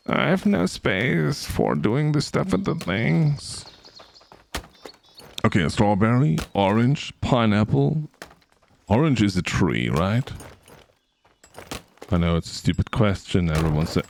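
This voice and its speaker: Deep gravelly guy streaming a game, slow, talks to the npcs, bit of hiss behind. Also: expressive. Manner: chatty, talks to game characters, sings little sound effects. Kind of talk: casual gameplay commentary.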